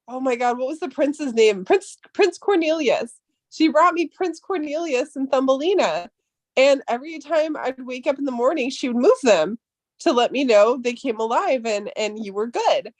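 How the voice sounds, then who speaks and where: A woman in her thirties with a high, bright-sitting voice tells loose, swear-filled stories in casual podcast chat. The sound is dry and close, with no room around it. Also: no room sound. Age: 30s. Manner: profane, rambling storytelling.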